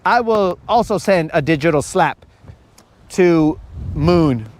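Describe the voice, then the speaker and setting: Playful male live-stream host outdoors; high, unhurried delivery. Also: expressive. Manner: playful, teasing, drawn-out. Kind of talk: casual live-stream chat. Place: outdoors on a lake.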